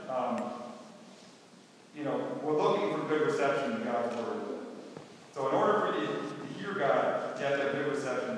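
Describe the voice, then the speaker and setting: A man's voice: medium pitch, fairly bright tone, a little hiss or hum. A man preaching a sermon as a pastor, in a conversational, folksy way with offhand asides. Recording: echoey hall, mic far off.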